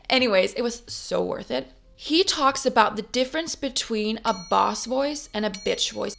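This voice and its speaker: A woman's voice: fairly high pitch, creaky, a bit bright. A woman in her twenties, a vlogger, talking casually and upbeat to camera with motivational pep-talk energy and casual swearing. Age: 20s.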